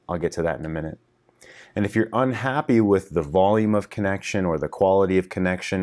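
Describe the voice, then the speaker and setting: A man's voice: low-pitched, a little mellow. A middle-aged man coaching husbands in a frank, casual video lesson, swearing freely as he explains. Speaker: relationship coach.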